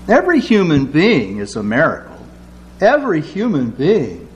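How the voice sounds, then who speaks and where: A man preaching a sermon, acting out quoted prayers with lively rises in his voice. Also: sits high. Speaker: pastor.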